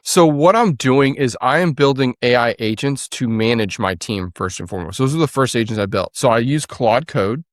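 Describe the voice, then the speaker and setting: A man's voice: medium pitch, animated, normal speed, few pauses, dry recording, clean studio sound. A man speaking as a podcast guest, explaining his work in a direct, matter-of-fact way. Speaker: podcast guest, agency founder. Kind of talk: casual interview chat.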